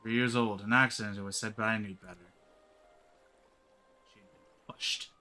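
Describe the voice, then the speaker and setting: A man voicing a grieving, lion-like male village elder, reading the game's dialogue in a measured, low-key way. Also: steady tone, sharp tone, soft background music. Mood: solemn.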